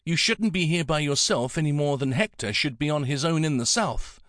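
Brief: boastful, teasing young dragon woman, put on by a male narrator, pitched well up. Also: lively intonation, fairly bright tone, dry recording, clean studio sound. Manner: teasing, quick-witted. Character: young female dragon king, small, proud, boastful.

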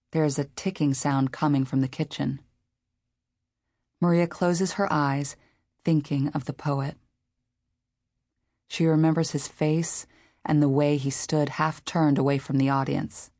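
A woman narrating a literary novel as an audiobook reader, in a measured, unhurried way. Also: deep voice, fairly even intonation, warm tone, dry recording, clean studio sound.

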